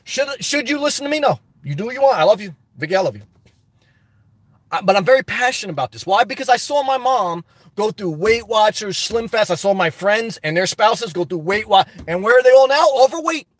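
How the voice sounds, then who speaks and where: Male livestream host, very high pitch, animated and preachy, dry close mic. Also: fairly quick, no room sound. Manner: rambling, preachy and animated, laughs often. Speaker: livestream host reading viewer chat. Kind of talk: casual live chat.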